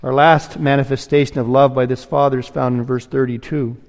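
A man's voice: mid-range voice, flat delivery, brisk, creaky, in a large hall. A man preaching a sermon, earnest and pleading, rising to emphatic peaks.

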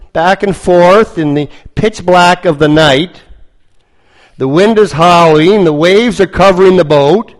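A man preaching a sermon, telling a story slowly and dramatically, with lots of repetition. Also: high-pitched, poor audio.

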